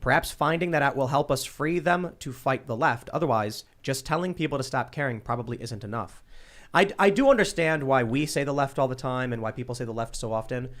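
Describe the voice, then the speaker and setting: A man's voice: mid-range voice, brisk. A man hosting a casual talk show, reading viewer comments aloud with hesitant fillers. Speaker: show host.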